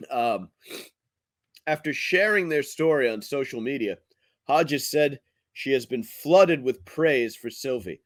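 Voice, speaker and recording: A man hosting his own comedy show, delivering a profane rant in a blunt, crude, halting way. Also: medium pitch, expressive, a bit bright, no room sound. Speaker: podcast host and comedian.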